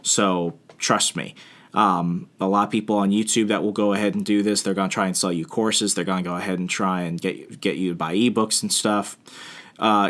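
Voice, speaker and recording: Deep-voiced guy hosting a podcast, casual advice talk, lots of ums and restarts. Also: fairly bright tone. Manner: rambling, filler-heavy, self-deprecating. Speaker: podcast host.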